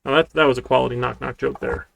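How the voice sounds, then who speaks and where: A man's voice: mid-range voice, steady tone, fast, vocal fry, a bit bright, dry recording. A man teaching a live-streamed programming class in a casual, chatty way, often checking in with "right?". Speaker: university programming instructor. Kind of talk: live-streamed coding lecture.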